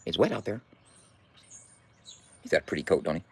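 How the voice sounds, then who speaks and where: Lively joking man on a live stream. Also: low-pitched, a little fast, vocal fry, slightly rough. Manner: loose, profane, joking banter. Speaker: livestreamer. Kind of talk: casual live stream chat. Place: indoors at home.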